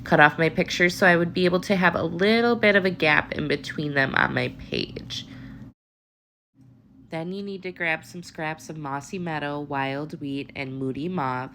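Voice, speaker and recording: A woman's voice: low-pitched, normal speed, a bit bright, slight background noise. Stuffy-nosed woman hosting a craft tutorial. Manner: chatty, upbeat, talks to viewers directly. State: stuffy nose from allergies. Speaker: papercraft tutorial host.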